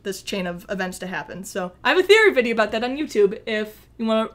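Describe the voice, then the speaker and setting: A young woman co-hosting a podcast, chatting casually and excitedly in quick back-and-forth. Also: mid-range voice. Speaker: podcast co-host. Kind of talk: casual chat.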